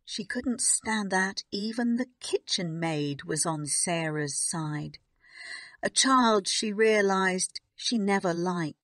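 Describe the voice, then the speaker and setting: A woman narrating a graded reader story slowly and carefully on a close mic. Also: mid-range voice, animated, fairly bright tone, no echo. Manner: slow, careful reading. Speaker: audiobook narrator.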